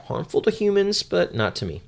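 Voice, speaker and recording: A man's voice: sits high, wildly swooping pitch, brisk, gravelly, pitched above the performer's own voice, full character voice. A man voicing a cheerful octopus-like male teacher creature while retelling a comic story. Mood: chirpy.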